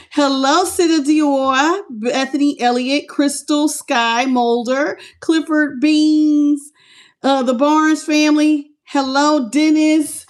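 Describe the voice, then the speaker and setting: A middle-aged woman hosting a casual live tarot stream from her phone at home, chatty and affectionate, greeting viewers by name with pet names. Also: high voice. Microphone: phone on a stand.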